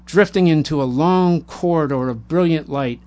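A man reading a war memoir aloud in a measured, plain way, now and then stumbling and correcting himself. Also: fairly high pitch, a little mellow. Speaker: narrator.

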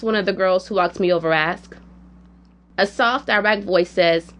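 A woman narrating a personal story in the first person, in a quiet, measured, reflective way. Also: medium pitch, steady tone.

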